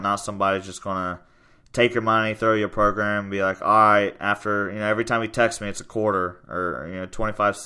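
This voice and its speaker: A man with a bright, clear voice, chatting casually on a podcast as a strength coach. He talks loudly and gets excitable, sometimes breaking into yells. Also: fairly low pitch. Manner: loud and excitable, bursts into yelling.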